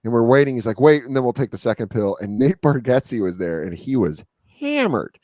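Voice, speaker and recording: A man in his thirties chats as a comedian guest, spinning stories with quick acted-out quotes. His voice sits at a middling pitch. The sound is close and dry, with no room around it. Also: dry recording. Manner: animated storytelling, acts out quotes. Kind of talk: casual chat.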